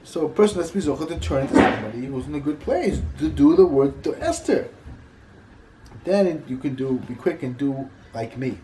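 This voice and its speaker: A man giving an informal Torah class, talking in halting bursts that repeat and restart his phrases. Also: medium pitch, animated, reverberant, music in the background, rough recording. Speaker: Torah teacher.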